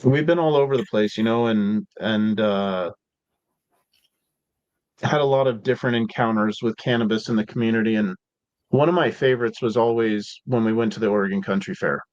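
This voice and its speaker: A man's voice: lowish voice, normal speed, a little mellow, dry recording. A man from Seattle, a podcast guest telling stories in a casual, slangy way full of "like" and "dude". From Seattle, USA. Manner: laid-back, slangy, peppered with "like" and "dude". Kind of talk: casual storytelling. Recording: dull, dry podcast audio.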